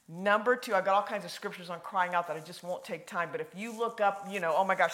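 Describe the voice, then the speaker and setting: A woman preaching a sermon in a folksy, conversational way, swinging from loud emphasis to hushed, near-whispered lines. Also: medium pitch, fairly quick.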